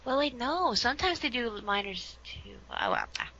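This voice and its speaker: A woman from Sweden with a Swedish accent, English not her first language, chatting casually as an interview guest, lively and laughing often, with many fillers. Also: on the high side, moderate pace, lo-fi sound, slight background noise. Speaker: voice actress guest.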